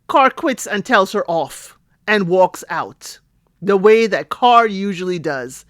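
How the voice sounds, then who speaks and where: A middle-aged woman with a mid-range voice chats through a TV episode recap on her podcast, animatedly acting out the characters' quoted lines with laughs and playful asides. The recording is dry and studio-clean.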